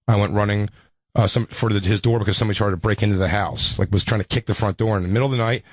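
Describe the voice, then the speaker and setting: A man, a comedian, telling a story in a rambling, animated way with many restarts. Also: lowish voice, rapid-fire, breathy edge, no room sound. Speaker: comedian guest.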